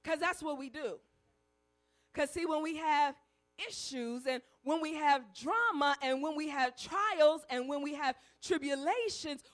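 A woman preaching a sermon, building to shouted climaxes and then dropping soft to tell stories. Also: high-pitched, lively intonation, takes it slowly.

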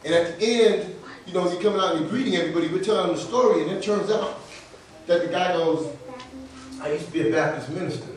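A man's voice: high voice, fast talker, a little hiss or hum. A male pastor preaching a sermon, telling a personal story with laughter and acting out the dialogue. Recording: echoey room, voice from far off the mic.

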